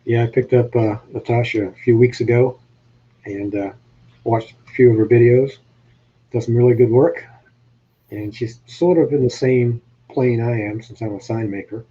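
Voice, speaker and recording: A man's voice: mid-range voice, steady tone, normal speed, warm tone, slightly rough, dull audio. A man with a New England accent hosting a casual live-stream chat, easygoing and plain-spoken. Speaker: host.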